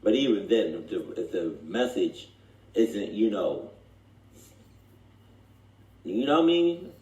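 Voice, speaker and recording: In an echoey room, a reaction-video co-host chats casually in a darkish voice that leans low and swings widely in pitch. His talk rambles and stalls, with frequent restarts.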